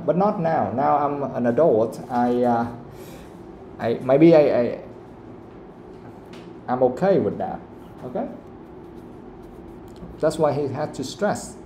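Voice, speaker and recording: A man teaching a live English pronunciation lesson, asking the class the same question again and again and saying the example sentences slowly. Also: on the high side, mellow. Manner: asks questions again and again, quotes the audio slowly. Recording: echoey room, faint background noise.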